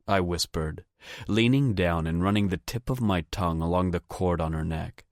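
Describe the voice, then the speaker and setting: A man's voice: normal speed, dry recording, clean studio sound. A man narrating a romance audiobook in the first person, intimate and profane. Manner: low, intimate, frequent swearing.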